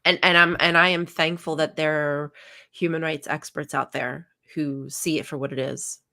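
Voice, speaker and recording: Low-voiced woman, chatty podcast co-host. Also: little pitch movement, moderate pace, pushed and bright. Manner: chatty, frequent "like" and "um" fillers. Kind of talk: casual podcast chat.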